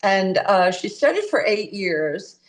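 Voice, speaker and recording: Older woman telling stories, animated. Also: mid-range voice, slow pace. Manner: animated, acts out voices in her stories. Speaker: astrologer guest. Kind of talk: conversational storytelling.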